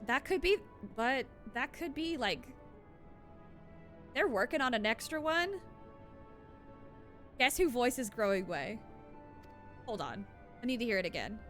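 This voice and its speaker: Giggly, animated woman streamer. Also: a little high, measured pace, pauses often, faint music behind. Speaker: streamer playing a video game. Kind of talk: casual game-stream commentary.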